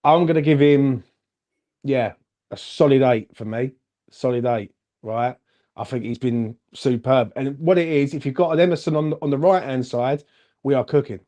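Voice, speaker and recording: Chatty man with a mellow voice. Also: medium pitch, normal speed. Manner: animated, chatty, says "mate" a lot. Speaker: fan channel co-host. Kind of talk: casual football fan chat.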